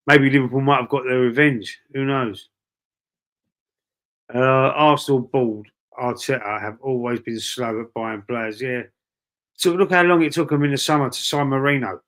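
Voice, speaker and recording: A man's voice: medium pitch, fairly even intonation, measured pace, long pauses, a bit bright. A man from East London with a Cockney accent, hosting a casual live stream, reading out chat and swearing freely as he talks. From East London, England. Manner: chatty, swears freely, calls viewers bro and mate. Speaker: livestream host reading chat.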